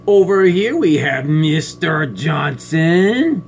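A man playing a smug, biased female family court judge in a satirical sketch, talking in a pompous, condescending way with drawn-out sneering pauses. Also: fairly high pitch, big pitch swings, faint music behind, full character voice. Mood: sneering contempt. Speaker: comedic sketch performer.

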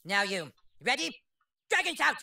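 A man's voice: extremely high pitch, sing-song, moderate pace, vocal fry, pushed and bright, exaggerated voice. A man voicing a bossy, pompous boy who plays a grand wizard, with a crude and commanding manner, in video game voice acting. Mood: instructing. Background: game music.

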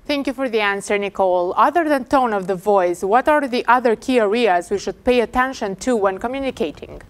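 A woman interviewer asking measured, polite questions. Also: on the high side, lively intonation.

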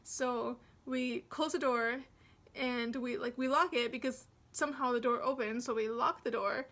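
A woman's voice: on the high side, fairly even intonation, normal speed, fairly bright tone. A young woman vlogger telling a storytime in a chatty, rambling way, full of restarts. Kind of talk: storytime vlog narration.

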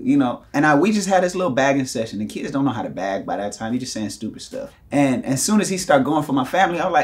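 A young man, telling lively stories to the camera and acting out voices and punches. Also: medium pitch, quick pace, hardly any pauses. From United States. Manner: animated, acts out quotes and punches with sound effects. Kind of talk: casual storytelling.

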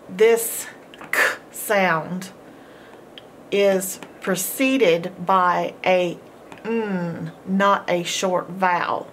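Slow, deliberate woman teaching phonics. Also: mid-range voice, a bit bright, a little hiss or hum. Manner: sounds out words slowly, encouraging. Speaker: homeschool teacher.

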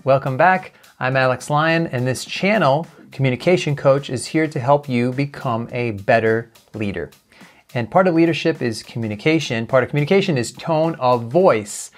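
Communication coach man over faint music. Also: mid-range voice. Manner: explains with vocal demonstrations. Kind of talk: talking-head lesson.

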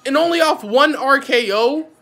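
A woman with a lilt reacts to a wrestling match in disbelief, asking the same questions again and again. Her voice sits high and swings widely in pitch, with a bright, sharp edge. She talks slowly, dragging out her words. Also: animated, soft background music. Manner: disbelieving, exasperated, repeats questions. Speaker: reaction video host.

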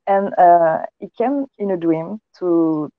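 A woman's voice: lowish voice, slow pace, no echo. A woman from France with a French accent, a guest telling her story with many hesitant fillers. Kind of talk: casual interview. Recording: tinny phone-like call audio.

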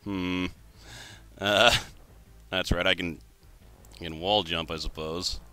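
A man's voice: sits low, steady tone, slow pace, bright, forceful tone, clean tone, faint music behind. A man in his twenties giving wry gameplay commentary. He thinks aloud and jokes at his own expense. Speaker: let's play host.

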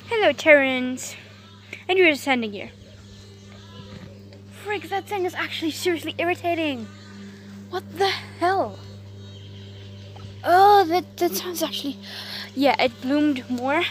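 Slow, high-voiced woman vlogging. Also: a bit bright, slight background noise. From South Africa. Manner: rambling and chatty, cooing at her dogs. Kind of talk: casual vlog chat. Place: outdoors in a garden.

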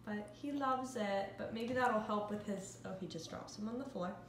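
A woman's voice: medium pitch, moderate pace. A young woman vlogging casually, coaxing her toddler in a sing-song way. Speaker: vlogger mom. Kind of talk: casual vlog chat. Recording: echoey room with faint background noise.

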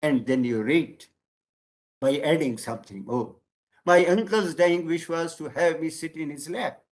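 A man with an Indian English accent giving a lecture, calling his listeners "friends" and stressing key words slowly. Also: on the high side.

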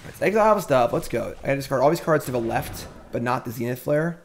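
Middle-aged male streamer, chatty storyteller, breaks off mid-thought; average pitch, faint background hiss. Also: animated, fast talker, creaky. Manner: chatty, rambling, self-interrupting. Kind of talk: casual storytelling while gaming.

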